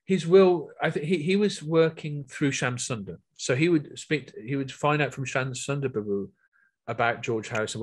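Middle-aged man, earnest storyteller, frequent restarts, mid-pitched. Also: husky. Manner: earnest, many restarts and repetitions. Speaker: guest speaker. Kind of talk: reminiscing talk.

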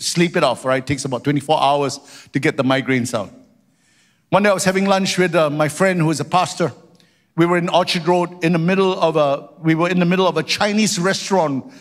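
A man who is a pastor, preaching a sermon with personal stories and rising into fervent prayer. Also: fairly high pitch. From Singapore. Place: church hall. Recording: church hall with long reverb.

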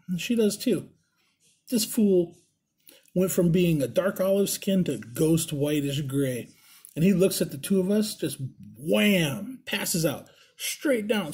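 A man vlogging in a casual, profane storytelling voice, animated and crude, jumping into high voices when he quotes people. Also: breathy edge. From Puerto Rican family. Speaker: vlogger telling stories. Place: Las Vegas.

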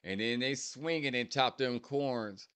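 A man hosting a reaction channel, repeating lines and breaking down their meaning in casual, animated commentary. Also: medium pitch, unhurried, clear, resonant tone. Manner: repeats lyric lines and explains them, animated.

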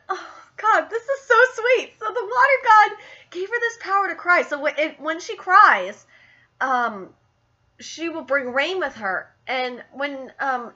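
A woman who is sick, streaming a casual live reaction and gushing excitedly as she reads along. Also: high voice, muffled recording. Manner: gushing, excitable, squeals over scenes.

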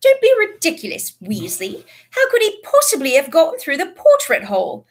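A woman voicing a strict older witch professor who scolds in slow, clipped phrases. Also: sits high, huge pitch swings, voice pushed up. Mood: stern.

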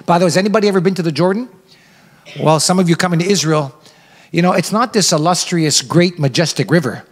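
High-voiced preacher in a reverberant church. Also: male voice, fast. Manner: animated preaching, acts out quoted characters. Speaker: pastor. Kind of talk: sermon. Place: church sanctuary.

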